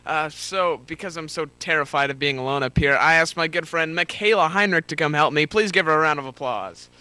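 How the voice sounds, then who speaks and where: A man hosting a low-budget comedy show, rambling and hesitant as he jokes. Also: a little fast, bright, forceful tone, no room sound. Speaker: host.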